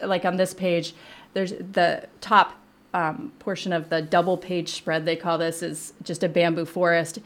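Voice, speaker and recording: A woman children's librarian talks with a radio host about picture books. Her voice sits a little low, and she speaks gently, pausing often with ums as she explains. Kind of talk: casual radio interview, reading aloud.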